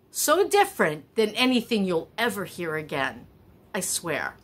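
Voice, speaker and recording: A middle-aged woman telling stories in a chatty, wandering way with animated asides. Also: medium pitch, unhurried, husky. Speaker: vlogger. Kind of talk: casual storytelling.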